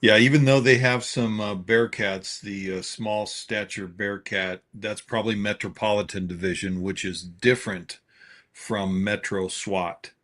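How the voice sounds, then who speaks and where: A man's voice: lowish voice, fairly even intonation, unhurried, a bit bright. A man, a former police officer, adding wry, knowing remarks in casual live-stream chat.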